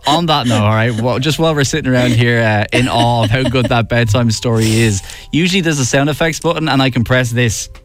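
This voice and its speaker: A man's voice: mid-range voice, a little fast, no room sound. A man hosting a radio show, bantering casually and laughing as he talks. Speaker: radio host. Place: radio studio.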